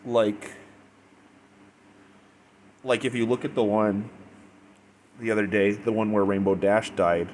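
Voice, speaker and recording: A man's voice: lowish voice, a little hiss or hum. A man giving a casual spoken review, retelling a story in a rambling way full of "like" and restarts. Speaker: fanfiction reviewer.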